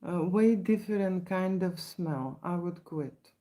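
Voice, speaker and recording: A woman with a Lithuanian accent talks through viewer questions on a live stream, chatty and meandering. Her voice sits a little low and sounds mellow and soft. She keeps restarting her sentences and tags them with "right?". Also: takes it slowly. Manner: rambling, many restarts and tag questions. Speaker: photographer hosting a live Q&A. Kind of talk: casual live-stream talk.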